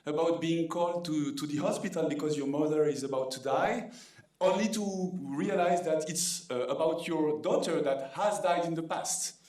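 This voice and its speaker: A man's voice: a little high, normal speed, a little mellow. French man speaking hesitantly on stage. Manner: hesitant, dry humor. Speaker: conference speaker. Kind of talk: stage talk with scripted banter. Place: conference hall. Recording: echoey hall from far off.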